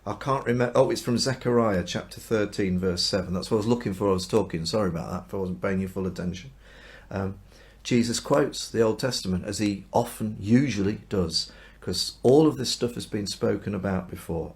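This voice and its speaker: A man's voice: fairly low pitch, moderate pace. A man teaching the Bible in a chatty way, reading aloud and acting out the dialogue in everyday speech. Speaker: minister.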